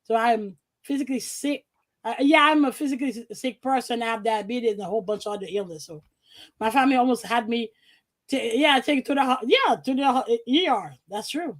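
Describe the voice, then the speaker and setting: A woman reading out her own emails on a podcast in a profane, animated way, laughing often. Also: a little high, brisk.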